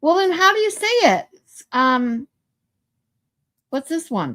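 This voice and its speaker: A woman's voice: very high voice, big pitch swings, slow, long pauses, fairly bright tone. A woman hosting a casual livestream, chatting playfully and reading viewer comments aloud. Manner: playful, tries out pronunciations. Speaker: livestream host.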